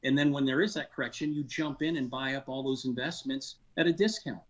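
A man's voice: mid-range voice, fairly even intonation, brisk, lo-fi sound. A man, a former industry insider, talking casually and earnestly on a radio show, frustrated, with many fillers and restarts. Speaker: financial advisor guest.

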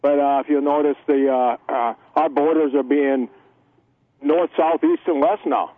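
A man's voice: a little high, steady tone, a little slow, no echo. Male caller, hesitant, fillers, phone-line audio, dry. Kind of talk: call-in comment.

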